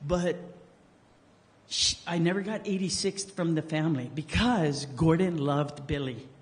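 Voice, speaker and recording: A man's voice: on the high side, a little slow, slight background noise. A man giving a eulogy as casual, joking storytelling, acting out the quotes he tells. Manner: joking, animated storyteller who acts out quotes. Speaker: eulogy speaker. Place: memorial service hall. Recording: long hall reverb.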